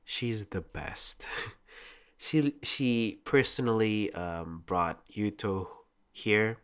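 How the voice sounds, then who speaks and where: Rambling young man, lowish voice. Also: lively intonation, extremely slow, fairly bright tone, smooth. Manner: rambling, heavy use of "like", laughs often. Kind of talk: casual rambling chat.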